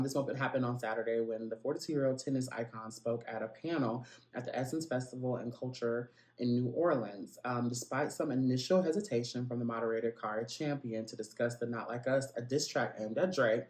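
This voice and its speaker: A man hosting a gossip podcast, with a voice of middle pitch. He talks in a chatty, playful way, jumping into asides and speaking straight to his audience. The recording carries a noticeable room echo. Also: a little mellow. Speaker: podcast host. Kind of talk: casual celebrity gossip podcast.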